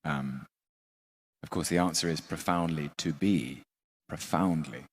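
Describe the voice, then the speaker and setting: A man explaining Shakespeare in a thoughtful, measured way, pausing often with ums as he reflects. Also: very deep voice, breathy edge.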